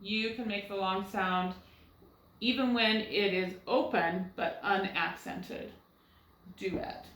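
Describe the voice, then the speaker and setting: A woman's voice: mid-range voice, steady tone, takes it slowly, fairly bright tone, echoey room, low-quality recording. A woman teaching a recorded first grade phonics lesson, patiently sounding words out syllable by syllable and asking guiding questions. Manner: asks rhetorical questions to guide young students.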